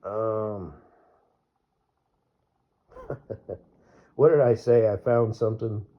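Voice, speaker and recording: A man's voice: lowish voice, very slow. A man vlogging in a casual, rambling way, full of fillers and laughing at his own jokes. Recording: dull lo-fi recording.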